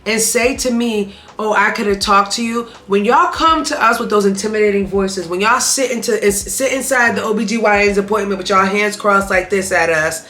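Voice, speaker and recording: A young woman talks straight to her viewers in a candid, emphatic storytime vlog. Her voice is bright and forceful at a middle pitch. Faint music plays underneath. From Haitian family. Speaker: vlogger.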